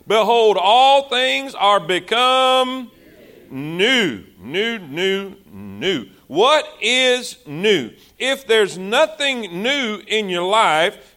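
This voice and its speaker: A man's voice: sits high, pushed and bright. A man preaching a sermon, repeating key phrases and calling on the congregation to respond. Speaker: pastor.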